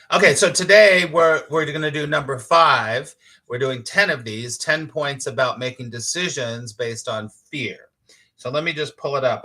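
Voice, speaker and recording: A man hosting a casual spiritual talk, reading comments from his audience, emphatic and quick to laugh, sometimes swearing. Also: medium pitch. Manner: animated and emphatic, laughs easily, acts out inner voices. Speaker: spiritual teacher hosting a live morning show.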